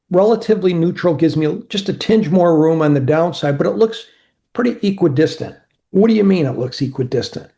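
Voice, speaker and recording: A man's voice: on the high side, vocal fry, mellow. A man teaching options trading over a screen recording, talking casually and answering imagined viewer questions himself. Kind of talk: screen-share trading walkthrough.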